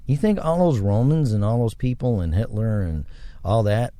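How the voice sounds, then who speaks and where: A man's voice: on the low side, sing-song, normal speed, warm tone, no echo. A man hosting a solo podcast, talking in a rambling, reflective way with religious touches. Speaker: podcast host. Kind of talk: solo casual monologue.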